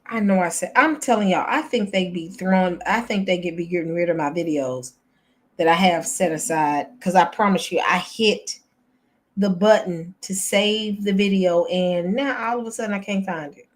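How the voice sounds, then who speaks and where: A woman's voice: fairly low pitch, moderate pace. A woman, hosting a casual chat for her viewers, exasperated and chatty, calling them y'all. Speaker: channel host.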